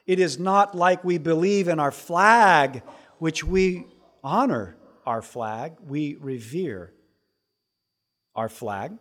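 A middle-aged man preaching a sermon as pastor, swinging between hushed asides and loud, emphatic lines. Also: on the high side, lively intonation, takes it slowly.

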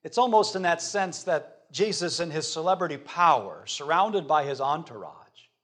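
Male preacher with a fairly high voice, dramatic delivery with big swings between loud and soft. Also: expressive, moderate pace. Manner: dramatic, sweeping swings from loud to hushed, rhetorical questions. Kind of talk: sermon.

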